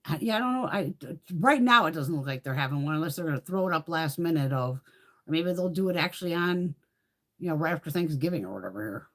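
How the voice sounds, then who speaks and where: A woman's voice: sits low, lively intonation, quick pace, fairly bright tone. A middle-aged woman hosting a casual beauty livestream, chatty and swearing freely as she tells stories.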